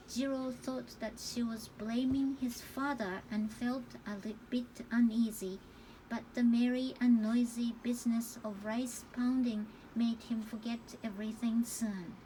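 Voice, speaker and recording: A woman reading a novel aloud as calm, careful narration. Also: a little high, measured pace, slight background noise, rough recording. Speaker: audiobook reader.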